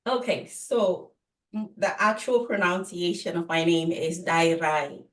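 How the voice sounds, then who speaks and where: Slow, low-voiced woman in a roomy echo. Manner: slow, careful explaining. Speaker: author guest. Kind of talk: interview answers. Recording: roomy sound, distant from mic.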